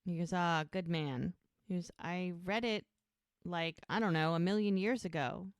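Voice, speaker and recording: A woman podcast co-host with a low voice, retelling a show scene by scene and slipping into each character's lines. Her sound is close and dry, with no room around it. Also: normal speed, smooth, no room sound. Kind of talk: casual recap of a TV episode.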